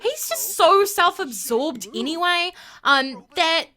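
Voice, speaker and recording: A woman's voice: very high voice, animated, slow pace, sharp tone. A woman hosting a gameplay video, narrating in an emphatic, chatty way with lots of fillers. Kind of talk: casual gameplay commentary.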